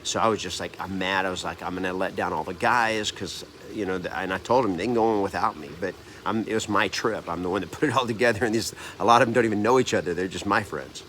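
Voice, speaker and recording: A man's voice: low-pitched, quick pace, hardly any pauses, a bit bright, a little hiss or hum. A man in his fifties, a coach, telling a personal story to camera in an earnest, rambling way, restarting and correcting himself often. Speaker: real estate trainer and coach.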